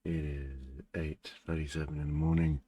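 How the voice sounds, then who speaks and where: A man hosting a gaming channel, chatting casually in a vlog with a deep, groggy morning voice, short on sleep and rambling with dry asides. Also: level tone, normal speed, mellow, slightly rough, no room sound.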